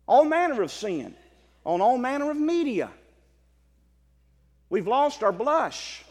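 Man, Baptist preacher, sermon, high voice, lively pitch, stammering repeats. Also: takes it slowly, big-room sound. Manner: preaching, swings from quiet asides to loud exclaiming, repeats words.

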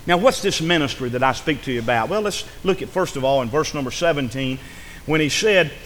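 A man's voice: on the high side, expressive, brisk, fairly bright tone, a little hiss or hum. A male pastor preaching a fervent sermon in a church, swelling into impassioned calls to the congregation. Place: church sanctuary. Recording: reverberant church hall.

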